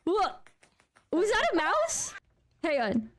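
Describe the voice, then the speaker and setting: A woman streamer giving casual live reaction commentary, excitable and slangy, laughing and exclaiming often. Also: very high voice, slow pace. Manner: slangy, says bro.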